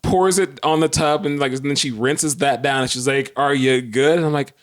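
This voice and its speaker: A podcast co-host with a fairly high voice tells a story during a casual chat, animated and laughing, acting out the quotes in quick bursts.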